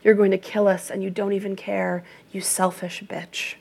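Woman doing a controlling female lover, accusing, low, gravelly, flat storybook delivery. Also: normal speed. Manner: menacing then shrill, accusing. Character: volatile controlling woman partner, adult.

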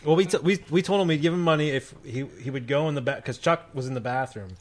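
A man's voice: a little high, fast talker. A man co-hosting a podcast, who asks questions and fills in the details of shared stories. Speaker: podcast co-host. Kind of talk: casual podcast chat.

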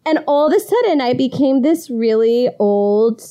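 A woman's voice: high voice, normal speed. A middle-aged woman co-hosting a podcast, telling stories in a casual chat and acting out the voices. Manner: expressive storytelling, acting out voices. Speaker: podcast co-host.

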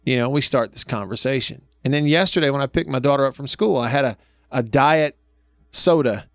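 A man's voice: medium pitch, fairly quick, dry recording, clean studio sound. A man in his thirties hosting a radio talk show, telling folksy family stories and laughing often.

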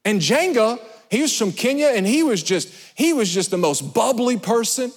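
A male pastor delivering a sermon with a notably high-pitched voice. He tells stories with animated shifts between loud emphasis and quiet asides. His voice carries a long reverb from a large hall. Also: moderate pace.

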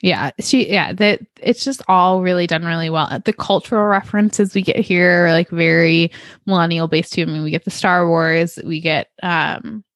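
Woman, 30s, podcast co-host; gushing, filler-heavy, slightly low voice, dry close mic. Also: normal speed, dry recording. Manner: enthusiastic, gushing, many fillers. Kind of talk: casual book chat.

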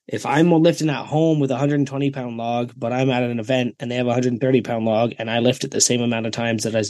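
A man with a mid-range voice co-hosts a relaxed podcast, jokey and quick to laugh as he tells stories. His voice sounds dry and close. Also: mid-range voice, no room sound. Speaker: podcast co-host. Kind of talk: casual chat.

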